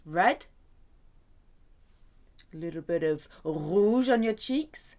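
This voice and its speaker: A woman from the UK teaching a French lesson, saying each word slowly and repeating it with careful emphasis. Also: on the low side, very animated. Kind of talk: slow, deliberate language lesson.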